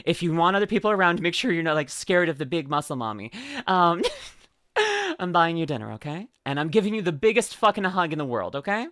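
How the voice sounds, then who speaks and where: Bubbly excitable young woman streamer. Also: lowish voice, a little fast, no echo. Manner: excitable, gushing, swears freely, squeals and laughs. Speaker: streamer reacting to videos. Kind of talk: casual live-stream chat.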